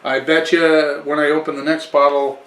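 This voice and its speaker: A man's voice: a little high, level tone, moderate pace, a bit bright, recorded from a distance. Chatty man reviewing wine in an echoey room. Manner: chatty, restarts and self-corrections. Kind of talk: casual wine tasting review. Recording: echoey room, away from the mic.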